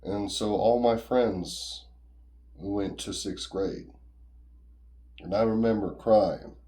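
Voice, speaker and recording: A man's voice: fairly low pitch, takes it slowly, mellow. A man casually telling a personal story in a rambling, profane, conversational way.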